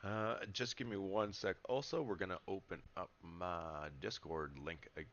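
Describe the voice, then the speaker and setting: The same kind of webcam livestream: a self-described spiritual teacher rambles cheerfully with viewers and laughs a lot. Here his deep, fairly bright voice moves at a moderate pace, and the audio is dull.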